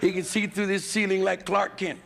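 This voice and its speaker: On a hiss-filled 1970s VHS recording, an American comedian works a hotel crowd with crude, chatty nightclub material. His voice is high and gravelly, with a level tone and moderate pace.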